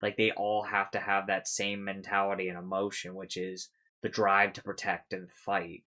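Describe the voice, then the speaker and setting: A man's voice: deep voice, monotone, normal speed, sharp tone. A man giving a casual recap of a TV episode, rambling with lots of fillers, swearing freely and laughing at his own jokes. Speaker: reaction video host.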